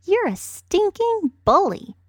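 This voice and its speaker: Woman putting on a tiny pixie girl's voice, scolding, swooping high, dry close sound. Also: sing-song, takes it slowly, dry recording, heavily acted. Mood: indignant. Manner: high, indignant, childlike. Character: brave little female pixie and piglets.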